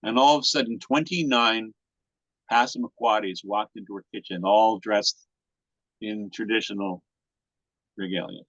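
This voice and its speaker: A man's voice: lowish voice, normal speed, pauses often, a bit bright, no echo. Older man, storyteller, folksy and meandering, dull lo-fi sound, dry room. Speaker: speaker at a retreat discussion. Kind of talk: spoken storytelling to a group. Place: retreat center meeting room.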